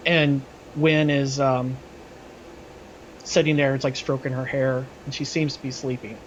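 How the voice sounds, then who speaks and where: Relaxed game master, faint background hiss. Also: male voice, mid-range voice, unhurried, lo-fi sound. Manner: relaxed, hesitant narration with many fillers. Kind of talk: narrating a tabletop game.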